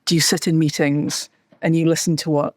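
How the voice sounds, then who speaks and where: A woman's voice: low voice, little pitch movement, brisk, a little mellow, dry recording, studio quality. A woman, a podcast guest, explaining ideas in a thoughtful conversational way with wry, self-deprecating asides.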